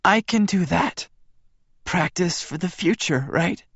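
A man's voice: high voice, lively intonation, slow, fairly bright tone, no room sound, dull audio, voice pushed up, heavily acted. Man doing a frail, whispery young woman. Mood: weak. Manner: breathy, rasping whisper. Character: weak, frail young pregnant woman, joking bravely.

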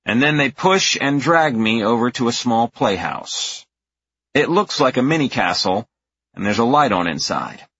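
A man's voice: medium pitch, lively intonation, normal speed, fairly bright tone, slightly rough, no room sound. A man narrating a first-person audiobook with a wry, exasperated manner. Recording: dull, dry lo-fi recording.

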